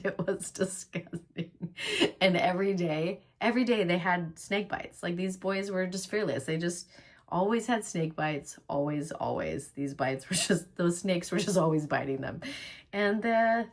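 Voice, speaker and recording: Heartfelt woman vlogger, slightly low voice. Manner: heartfelt, reflective storytelling; drops to a hushed near-whisper at tense moments. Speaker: vlogger, workshop host. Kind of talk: personal storytelling vlog.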